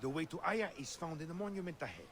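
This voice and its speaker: A secretive young scholar in a video game, with a fairly high, gravelly voice that rises and falls a lot. He talks in an earnest, hushed, urgent way. The recording has long reverb and clear background noise. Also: very animated, quick pace. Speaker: scholar, Aya's cousin.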